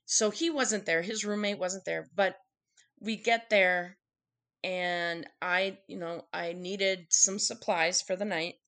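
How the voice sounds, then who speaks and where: A woman's voice: on the low side, steady tone, takes it slowly, a bit bright. A woman candidly telling an emotional personal story in conversation, acting out the quotes of what people said. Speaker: guest telling her story.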